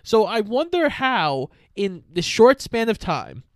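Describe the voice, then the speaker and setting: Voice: mid-range voice, very animated, slow pace, no echo. A podcast co-host making dry, sarcastic comments while recapping a movie. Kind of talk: casual movie recap chat.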